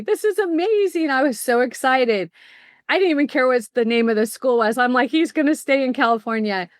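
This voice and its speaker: A middle-aged woman talks as a guest on a podcast, her voice sitting a little high. She tells stories with animated energy and speeds up when she explains things. The sound is close and dry, with no room around it. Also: no room sound. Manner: lively storyteller, fast bursts when explaining. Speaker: guest, college admissions consultant. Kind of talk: casual interview chat.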